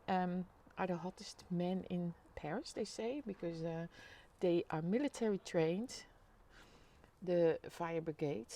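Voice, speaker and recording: A middle-aged woman, chatting casually on a live stream, greeting viewers by name and reading out their comments. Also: lowish voice. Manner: chatty, reads viewer comments aloud, bursts into excited squeals. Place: home by a window overlooking a city street.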